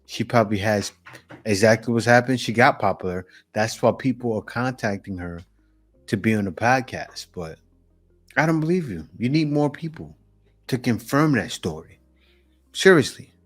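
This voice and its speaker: A man hosting a reaction video, giving casual, skeptical commentary on clips and laughing along. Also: fairly low pitch.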